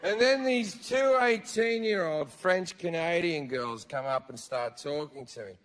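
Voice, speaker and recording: An Australian man performing profane stand-up comedy, telling stories loudly on a big theatre stage. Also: a little high, unhurried, in a large hall, some chatter behind. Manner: loud, profane storytelling with frequent shouting.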